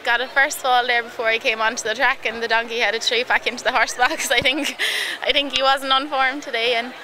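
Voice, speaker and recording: A woman's voice: on the high side, steady tone, fairly quick, pushed and bright, low-quality recording. A woman jockey chatting casually outdoors at a race track, light and laughing. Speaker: jockey being interviewed. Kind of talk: casual chat.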